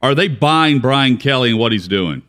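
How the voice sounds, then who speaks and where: A man's voice: medium pitch, expressive, moderate pace, fairly bright tone. Curious male sports talk host. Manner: curious, stacks several questions together.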